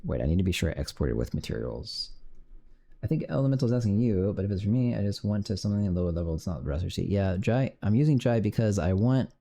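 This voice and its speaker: A man's voice: lowish voice, lively intonation, fast talker, gravelly, mellow. A man streaming his game development, muttering to himself while coding and cursing when things break. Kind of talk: casual live-coding commentary.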